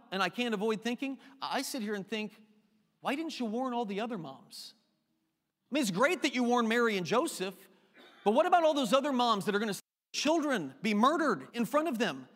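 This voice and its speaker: A man with a notably high voice delivers a conversational sermon. He speaks earnestly and with emphasis, pressing his listeners with direct questions. His words ring out with the long reverb of a large hall. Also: animated, fairly quick, a bit bright. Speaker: preacher.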